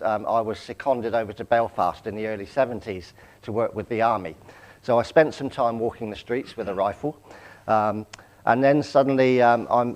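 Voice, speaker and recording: A man in his sixties from Southampton, giving a personal testimony talk as a guest speaker, anecdotal with self-deprecating humour. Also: mid-range voice. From England, Southampton. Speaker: guest speaker, charity chief executive.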